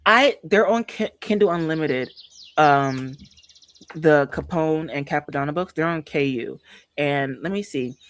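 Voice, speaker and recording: A casual livestream host talking about books, animated and emphatic. The speaker repeats lines to drive a point home and keeps turning to the audience. The pitch sits in a middle range. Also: unhurried. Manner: emphatic, repeats phrases for effect; chatty and animated, addresses viewers directly. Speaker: book streamer.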